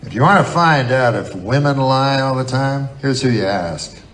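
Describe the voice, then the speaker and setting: A man performing a stand-up comedy set in a large venue, deadpan, rambling and profane. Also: medium pitch, normal speed. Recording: audience recording with loud crowd and noise. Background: crowd laughter.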